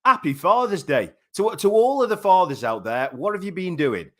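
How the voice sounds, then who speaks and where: A man's voice: sits high, very animated, normal speed, a bit bright. Chatty man hosting a boxing show. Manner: chatty, rambling, lots of fillers. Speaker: boxing show host and commentator. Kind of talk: live-stream talk show hosting.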